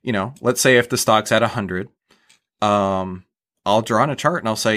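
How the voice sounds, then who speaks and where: A man being interviewed as a guest on a podcast, explaining his approach in a relaxed conversational way, often restarting words and checking in with "right?". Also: on the low side, moderate pace. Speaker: guest, stock trader.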